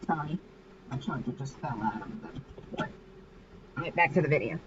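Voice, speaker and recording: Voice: mid-range voice, expressive, moderate pace, long pauses. A vlogger casually retelling a comic chapter, rambling loosely with lots of filler and restarts. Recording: muffled with faint hiss.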